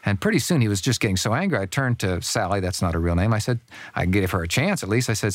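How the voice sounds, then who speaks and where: A man's voice: lowish voice, fast, dry recording. An older man telling stories as a Christian speaker on men and marriage, acting out the people he quotes. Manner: animated storyteller who acts out voices. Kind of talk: storytelling guest talk.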